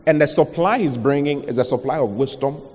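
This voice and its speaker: A man's voice: on the high side, a little fast, a little mellow, big-room sound. A man with a Ghanaian accent, preaching a sermon as a pastor, emphatic and full of rhetorical questions.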